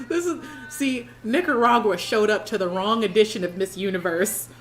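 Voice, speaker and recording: A woman's voice: medium pitch, moderate pace, a little hiss or hum. A woman giving sassy, playful reaction commentary on a beauty pageant, laughing often as she talks.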